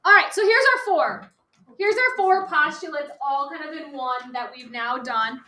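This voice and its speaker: A woman teaching a geometry lesson to a class, upbeat and quick to laugh with her students. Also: sits high, sharp tone. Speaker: math teacher. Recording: echoey classroom, faint noise.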